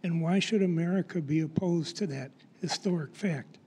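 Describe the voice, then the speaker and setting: Higher-voiced man asking a direct question. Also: moderate pace, warm tone, slightly rough. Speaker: audience member. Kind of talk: audience question.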